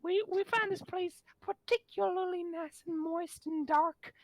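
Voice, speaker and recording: A woman voicing a chatty horde of tiny spore creatures that ramble excitedly and swear. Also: extremely high pitch, unhurried, no echo, voice pushed up. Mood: giddy.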